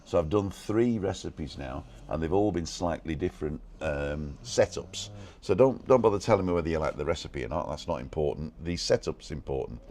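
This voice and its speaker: A man hosting a casual live stream from a balcony, talking fast and reading out viewers' comments and names. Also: very deep voice, a little mellow. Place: balcony outdoors.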